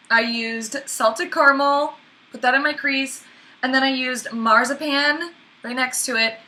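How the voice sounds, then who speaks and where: A woman's voice: on the high side, pushed and bright. A woman talking through a makeup tutorial in a chatty, flustered way, laughing often and apologizing along the way. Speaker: beauty vlogger.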